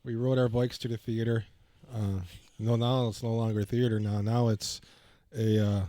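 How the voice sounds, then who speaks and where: A middle-aged man chatting casually on a podcast, reminiscing in a halting way with many pauses. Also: on the low side, level tone, warm tone, no echo. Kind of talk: casual chat.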